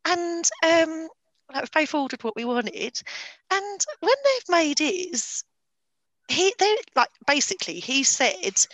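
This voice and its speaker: A woman's voice: sits high, fairly bright tone, no echo, low-quality recording. A woman telling a dating story in casual podcast chat, chatty with lots of fillers and bursts of laughter.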